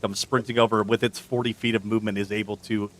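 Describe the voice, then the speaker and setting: A low-pitched man leads a tabletop session as game master. He narrates the action at an easy pace and slows down for dramatic beats. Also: flat delivery.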